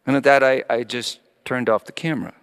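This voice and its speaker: A man's voice: mid-range voice, steady tone, brisk, a bit bright, clean tone, in a large hall. A middle-aged male pastor preaching a sermon as a story, acting out his children's voices.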